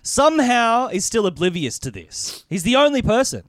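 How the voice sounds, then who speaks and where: A man's voice: very high-pitched, sing-song, normal speed, no room sound, clean studio sound. A man co-hosting a podcast, chatting casually, often agreeing with yeahs. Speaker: podcast co-host. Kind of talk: casual chat.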